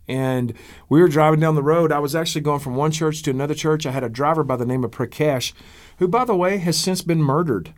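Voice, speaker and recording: A middle-aged American man, a pastor, telling a story in an interview in an earnest, halting way, with fillers and repeated words. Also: fairly high pitch. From United States.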